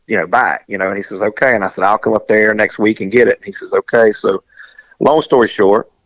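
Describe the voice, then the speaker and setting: A man's voice: fairly low pitch, quick pace, dry recording. A man telling a story in casual chat and acting out the dialogue as he goes. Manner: animated, acts out the dialogue in his story.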